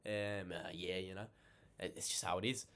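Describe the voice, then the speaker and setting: A man's voice: low voice, fairly even intonation, moderate pace, fairly bright tone, pitched below the performer's own voice. A man putting on a laid-back, mumbling voice for a man who shrugs off a poor matchup, full of fillers. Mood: dismissive. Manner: mumbling, filler-heavy, offhand.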